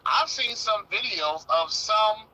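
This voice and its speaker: A man with a husky voice, a guest talking casually in a wry storytelling way. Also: high-pitched, animated, slow pace, bright, forceful tone, poor audio. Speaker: guest speaker. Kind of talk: casual talk.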